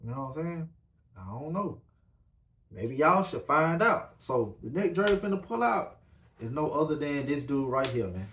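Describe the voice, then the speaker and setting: Animated man hosting a casual podcast. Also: on the high side, moderate pace. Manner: loose, animated, repeats "man" and "you know what I'm saying". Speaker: podcast host. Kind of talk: casual solo podcast talk.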